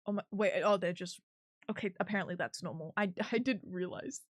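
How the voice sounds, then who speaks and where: A woman's voice: mid-range voice, fairly quick, no echo, studio quality. A woman streamer chatting casually while she works on a 3D model, giggly and swearing now and then.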